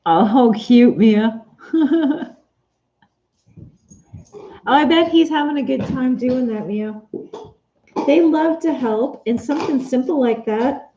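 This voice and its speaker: A woman with a high, warm voice speaks slowly with long pauses, the recording's highs cut off. Sewing at home on a live stream, the Etsy shop owner talks casually and answers comments by name.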